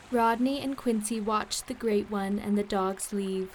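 Woman reading a children's audiobook; slow, clear, fairly high, steady background hiss. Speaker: audiobook narrator. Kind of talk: scripted children's story narration.

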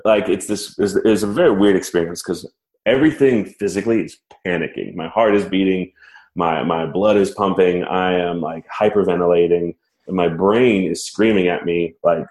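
A man telling a personal story in casual talk, animated and self-mocking, laughing as he goes. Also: low voice, normal speed. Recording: roomy echo.

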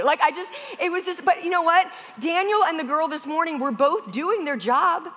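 A woman's voice: very high voice, normal speed, hardly any pauses, fairly bright tone. A woman pastor giving a conversational sermon, telling stories in a chatty way with casual fillers. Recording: long hall reverb.

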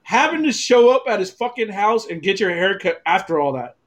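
A man with a notably high voice spins a rowdy anecdote on a podcast. He swears freely, slips into Spanish, and acts out the scene as he goes. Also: fairly quick, noisy background. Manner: animated storyteller, profane, mixes Spanish. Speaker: photographer and podcast guest. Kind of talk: casual podcast storytelling.

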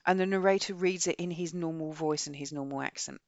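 A woman's voice: low-pitched, brisk, no echo, lo-fi sound. Chatty woman with a dry, close sound. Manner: chatty, blunt and expressive, reads a synopsis aloud. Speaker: podcast co-host. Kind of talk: casual chat about books.

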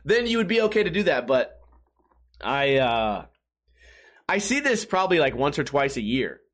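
A man's voice: medium pitch, very animated, normal speed, fairly bright tone. A man talking alone in a casual, rambling monologue, swearing freely and mimicking other people in mocking voices.

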